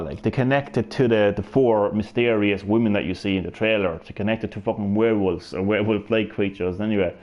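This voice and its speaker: A man hosting a gaming channel, talking excitedly through video game lore, rambling and swearing, on a headset mic. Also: fairly low pitch, dull audio. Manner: excitable, rambling, swears often, many restarts.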